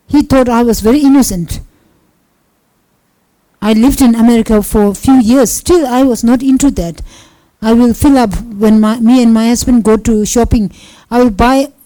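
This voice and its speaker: Warm higher-voiced woman telling teaching stories. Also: no room sound, poor audio. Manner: storytelling with acted-out quoted dialogue; simple non-native English phrasing. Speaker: Buddhist teacher. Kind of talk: dharma talk with personal stories.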